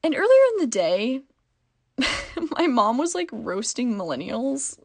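A young woman tells a story in a chatty, giggly vlog style, leaning on "like" as she goes. Her voice sits a little high and carries a lot of gravelly fry. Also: sing-song, slow. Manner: chatty and giggly, with frequent "like" fillers. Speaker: vlogger. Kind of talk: casual storytime chat.

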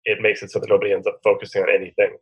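A man's voice: lowish voice, monotone, rapid-fire, slightly rough, rough recording. A man with a cold and a nasal voice, talking as a podcast guest and coach in a thoughtful way. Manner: thoughtful, uses homely analogies. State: has a cold. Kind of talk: casual interview talk.

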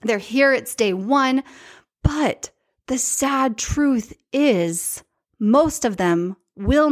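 A woman hosting a podcast, talking in an emphatic, chatty way, repeating her key points and speaking straight to her live viewers. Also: mid-range voice. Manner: addresses live viewers directly. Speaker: podcast host. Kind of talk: casual solo podcast monologue.

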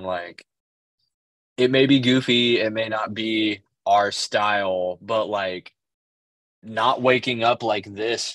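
A man's voice: fairly low pitch, fairly bright tone, no room sound. A man co-hosting a podcast, telling rambling stories in casual chat with lots of fillers and swearing. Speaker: podcast co-host.

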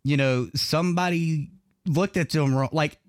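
A man's voice: a little high, unhurried, no room sound, studio quality. A man with a Southern US accent hosting a podcast, talking in a rambling, casual way with lots of fillers and laughs. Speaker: podcast host.

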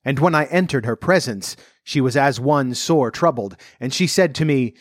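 A man's voice: mid-range voice, moderate pace, dry recording, clean studio sound, natural voice. A man voicing a loyal but deceived medieval knight in an audiobook reading, speaking archaic courtly lines earnestly. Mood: remorseful. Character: loyal deceived knight, male, adult, remorseful.

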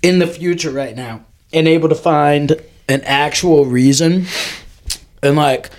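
A man's voice: fairly high pitch, a little slow. A man co-hosting a podcast in casual chat, rambling and profane, full of "like" and "dude". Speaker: podcast co-host.

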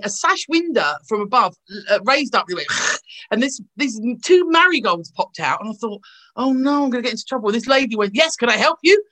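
An English actress, appearing as a guest over a video call, tells animated anecdotes and performs the voices of the people in them. Her voice is on the high side.

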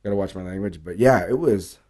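A man with a slightly low voice tells stories in a loose, conversational way. He swears often and slips into acted-out lines from the people he is describing. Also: quick pace. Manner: animated storyteller, acts out quoted dialogue, swears freely. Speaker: bartender guest. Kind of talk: casual storytelling interview.

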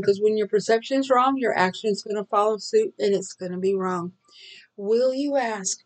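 A woman's voice: medium pitch, normal speed, rough recording. A middle-aged woman teaching from the Bible in a sermon style, earnest and full of searching questions.

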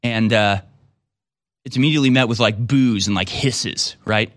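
A man's voice: on the low side, moderate pace, a bit bright, no room sound, studio quality. A man giving casual commentary on a clip in a sarcastic, emphatic way.

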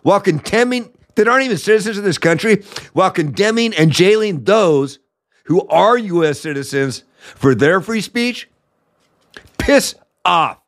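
A man's voice: a little high, expressive, moderate pace. A man from the United States hosting a political commentary show, ranting with anger and profanity. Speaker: podcast host.

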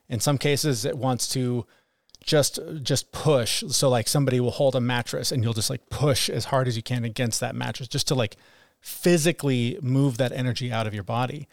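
A man talking frankly on a podcast, sprinkling his speech with profanity and now and then voicing the cruel critic in his head. His voice sits at an ordinary middle pitch. The sound is dry and close, with no room around it. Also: no room sound. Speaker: podcast co-host. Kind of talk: candid conversational chat.

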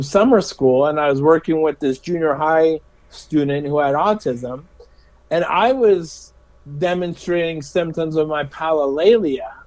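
Heard on a rough recording, this middle-aged special education teacher has a slightly high voice. He's a lively storyteller in a casual interview, frequently laughing and going over his words twice.

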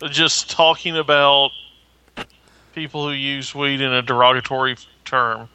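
A man co-hosting a casual gaming podcast, giving measured, level-headed opinions. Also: mid-range voice, level tone, sharp tone, clean tone, low-quality recording. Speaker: podcast co-host.

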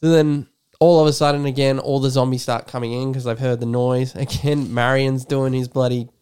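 A man co-hosting a casual film podcast, retelling scenes with animated energy and frequent laughter. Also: mid-range voice, moderate pace, smooth. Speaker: podcast co-host. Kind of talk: casual film review chat.

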